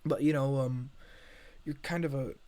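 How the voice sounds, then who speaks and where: A man reading a script aloud and voicing a chatty, excitable male donkey sidekick. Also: medium pitch, pitched above the performer's own voice, lightly acted. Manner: fast chatter, yelps in panic. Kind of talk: amateur script read-aloud.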